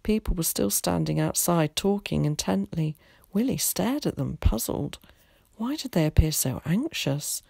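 Brief: female teacher, story read-aloud, gravelly edge, dry close sound. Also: lowish voice, animated, measured pace, dark tone, dry recording.

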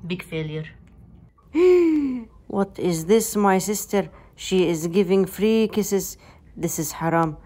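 Young woman doing a silly vlog in broken english, kinda low voice, playful. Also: measured pace, warm tone. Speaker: comedy vlogger. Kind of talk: comedic day-in-the-life vlog narration.

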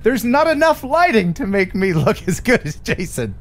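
Joking animated male live-stream host. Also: sits high, normal speed. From USA. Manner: joking, animated, reads viewer messages.

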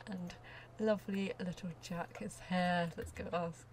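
A woman's voice: on the low side, steady tone, a little slow, a little mellow, slight background noise. A woman chatting casually through a gameplay session as a let's play host, laughing often and now and then dropping to a near whisper.

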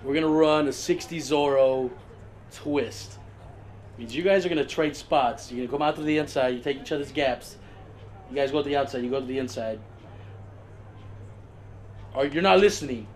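A man acting in a scripted comedy sketch, talking calmly and then erupting into shouted tantrums at people who are not heard. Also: medium pitch, moderate pace, long pauses. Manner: talks to unseen people on phone and field.

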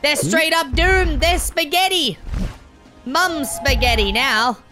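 A woman giving excited, slangy reaction commentary on an animated clip, exclaiming dramatically as events unfold. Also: high voice, takes it slowly. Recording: music playing behind the voice.

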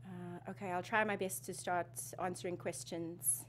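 A woman in her thirties from South Africa, a guest in an interview, talking in a casual, animated way and laughing often, with a slight South African twang in her speech. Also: lowish voice, moderate pace, a little hiss or hum. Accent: Canadian English with a slight South African twang. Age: 30s. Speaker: actress guest.

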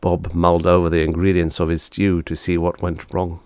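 A man's voice: low voice, completely flat delivery, moderate pace, darkish tone, smooth, no echo. A man reading vintage science fiction aloud as scripted audiobook narration, with a dry storytelling delivery. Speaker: audiobook reader.

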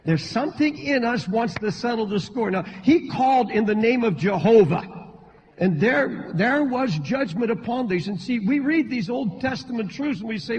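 A man preaches to his congregation in a high, ringing voice. His voice jumps sharply up in pitch and force whenever he voices pleading believers. The recording is dull and lo-fi, with a long reverb from a large sanctuary. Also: animated, normal speed, darkish tone, slight background noise. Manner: preaching with sudden rises in pitch and volume, voicing pleading congregants. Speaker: pastor. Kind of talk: sermon. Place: church sanctuary.

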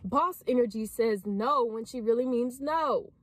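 A woman talks straight to her viewers in a casual vlog, her voice pitched high. She takes her time and stretches out her words. She stresses her points by repeating them and swears freely. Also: unhurried, few pauses, dry recording. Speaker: vlogger. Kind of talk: casual self-talk vlog.

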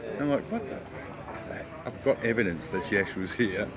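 A man's voice: on the low side, expressive, a little fast. A middle-aged man speaking bluntly and emphatically, swearing freely as he recalls an event. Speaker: artist interviewee.

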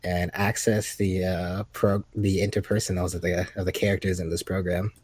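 A man playing a tabletop game, giving playful, deliberate commands. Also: sits low, level tone, a little mellow, no echo. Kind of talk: casual role-play chat.

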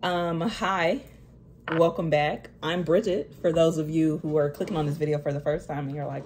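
A woman's voice: low-pitched, steady tone, a little mellow, a little hiss or hum. Nervous, teary young woman vlogging. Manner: tearful, halting, many fillers. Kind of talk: emotional personal vlog.

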